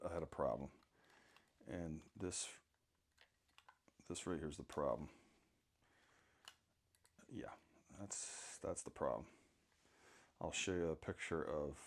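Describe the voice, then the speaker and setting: A middle-aged man rambling casually through a photography gear vlog, joking at his own expense and often clearing his throat. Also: deep voice, darkish tone. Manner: rambling, self-mocking, frequent throat clearing. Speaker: sports photographer.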